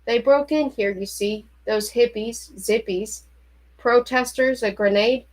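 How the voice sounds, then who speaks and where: A woman voicing a nervous male professor who explains in a hurried, apologetic way. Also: a little high. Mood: defensive.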